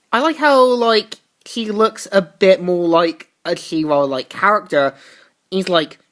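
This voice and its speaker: A woman's voice: on the low side, lively intonation, a little slow, a bit bright. A woman reviewing a comic book, recapping the plot casually with asides.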